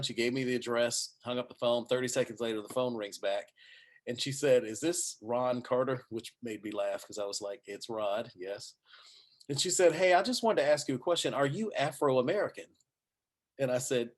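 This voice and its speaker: A man who is a news anchor, telling a personal story at a panel discussion and acting out the quoted voices. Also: medium pitch. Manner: animated anecdote telling with acted quotes.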